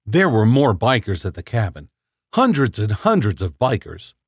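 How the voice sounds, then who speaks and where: A man reading a first-person horror story aloud in a measured, dramatic storytelling manner. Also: on the low side, very animated, slightly rough, dry recording, studio quality.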